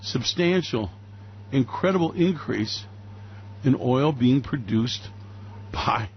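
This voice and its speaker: A man giving animated radio market commentary, telling it as a story and acting out quoted voices. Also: mid-range voice, slow pace, muffled recording, a little hiss or hum.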